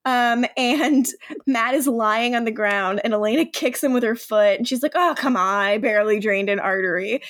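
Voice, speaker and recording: Young female podcast co-host; lively, chatty storyteller with a slightly high voice who acts out scenes as she retells them. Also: normal speed. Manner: animated storytelling, acts out quoted lines, frequent "like". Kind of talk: casual episode recap.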